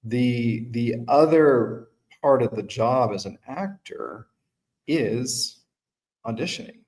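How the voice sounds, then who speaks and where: A man's voice: medium pitch, animated, takes it slowly, darkish tone, poor audio. A man hosting a podcast in casual conversation, working through his points aloud and checking in with his guest. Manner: thinking aloud with restarts and "right?" checks. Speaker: podcast host and management firm owner.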